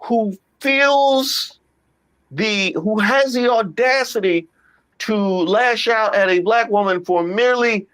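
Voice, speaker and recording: A woman's voice: a little high, takes it slowly. A woman host, giving emphatic reaction commentary to her viewers and repeating her phrases. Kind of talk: reaction commentary on viral clips.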